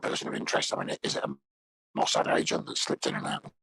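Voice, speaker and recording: A man's voice: fast, fairly bright tone, no room sound. A middle-aged man streaming live, chatting casually in a blunt, sweary, mocking way.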